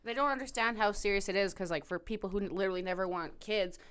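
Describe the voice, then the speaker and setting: A woman's voice: mid-range voice, quick pace, smooth. A young woman co-hosting a casual podcast chat, telling stories with lots of laughter and swearing. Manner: laughing, animated storytelling, swears freely. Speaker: podcast co-host, dancer.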